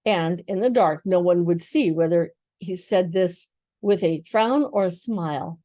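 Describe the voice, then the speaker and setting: An older woman reading a children's novel aloud in a gentle, expressive storytelling voice. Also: fairly low pitch, measured pace, no echo, studio quality. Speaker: storybook reader.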